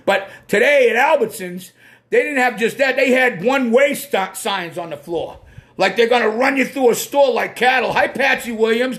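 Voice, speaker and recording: A man with a Boston accent and a strikingly high voice, chatting through a casual live stream. He talks bluntly, drifts from point to point, swears freely and stops to greet viewers by name. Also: fairly bright tone. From Massachusetts.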